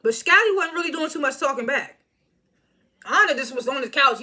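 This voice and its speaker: A woman's voice: sits high, lively intonation, a little fast, sharp tone. Chatty woman recapping reality TV. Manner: chatty, laughs often, mimics cast members. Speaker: reality show reviewer. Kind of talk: casual recap commentary.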